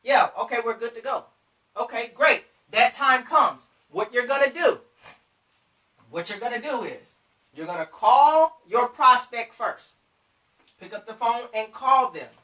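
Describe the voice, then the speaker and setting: A business trainer delivers motivational sales coaching in a bright, forceful, expressive voice, emphatically repeating points and addressing listeners directly. His mid-range voice moves a little slowly and sits far from the mic, with the room ringing with echo.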